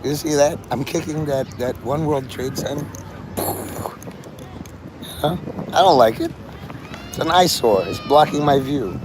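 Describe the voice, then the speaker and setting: A very animated vlogger with a voice on the high side livestreams from an open-air city plaza, speaking a little slowly with long pauses. He jokes, swears casually, and talks to the birds and his viewers while his phone picks up traffic and street ambience.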